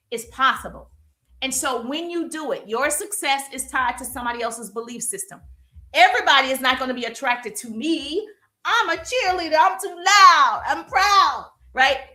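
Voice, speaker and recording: A woman business coach giving a live-streamed coaching talk. She is emphatic and energetic, keeps checking in with "okay?" and "right?", and is warm and perspiring from exercise. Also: sits high. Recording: echoey room.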